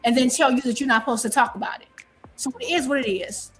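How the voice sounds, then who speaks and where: Brief: high-pitched woman panelist, defiant and confrontational, heated back-and-forth. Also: fast talker, faint music behind. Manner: confrontational, defiant, repeats herself. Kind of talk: heated live-stream panel argument.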